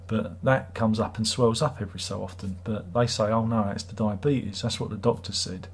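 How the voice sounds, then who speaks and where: The voice here is slightly rough and lowish, keeping a steady tone at a normal speed. It belongs to a middle-aged British livestream host whose casual chat is rambling, wry and self-deprecating.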